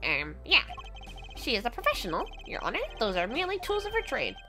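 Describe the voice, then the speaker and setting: Girl doing a nasal smarmy lawyer guy, high and all over the place. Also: huge pitch swings, fairly quick, music in the background. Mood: smug. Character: smug, sniveling middle-aged male prosecutor. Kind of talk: reading game dialogue aloud.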